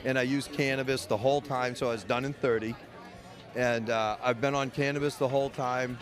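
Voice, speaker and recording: A faint crowd can be heard as a man from the United States, a caregiver and patient in medical cannabis, gives a candid, blunt, profanity-laced interview about himself. He rambles and restarts, with a steady mid-range voice that moves a little fast.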